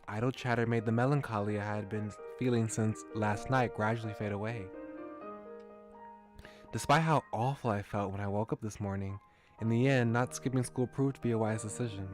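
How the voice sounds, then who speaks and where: Low-voiced man narrating a visual novel. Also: fairly even intonation, normal speed, over music. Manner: chuckling, musing asides between read lines. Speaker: streamer. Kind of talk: reading a visual novel aloud with commentary.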